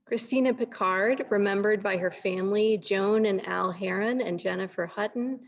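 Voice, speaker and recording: Woman announcing names at a memorial, measured and formal, dull lo-fi sound. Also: mid-range voice, creaky. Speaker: announcer of the remembrances. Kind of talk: read announcements. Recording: dull lo-fi recording.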